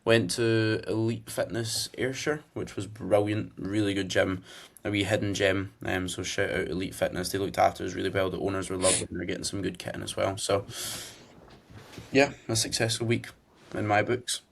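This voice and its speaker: Scottish young man, low-voiced podcast chat. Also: steady tone, normal speed, vocal fry. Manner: rambling, swearing storyteller. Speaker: podcast co-host. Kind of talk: casual chat.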